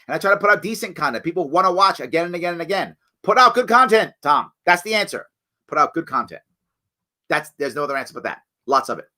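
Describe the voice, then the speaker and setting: A man's voice: on the high side, bright, forceful tone. A man hosting a live talk show, speaking emphatically and answering viewer comments, often tagging points with "right?". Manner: emphatic, repeats "right?" and restarts.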